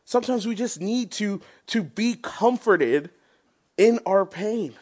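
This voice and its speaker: A man's voice: sits high, expressive, slow pace, darkish tone, husky. A young man preaching a sermon in an earnest, conversational way, with a prayer and casual asides to the people around him.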